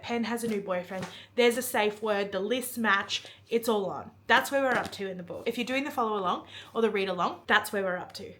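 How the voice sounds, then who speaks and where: A young woman vlogging at home in a casual, chatty way, full of fillers and asides, dropping her voice when she quotes. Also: medium pitch. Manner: chatty, many fillers, hushed when quoting. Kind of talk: casual chat, retelling a book scene. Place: at home, in bed.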